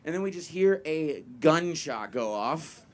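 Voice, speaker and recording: A young stand-up comedian performs at a live comedy venue, his voice on the high side, animated, and a little slow. He tells a loose, rambling story packed with fillers and swearing as the audience laughs in the background.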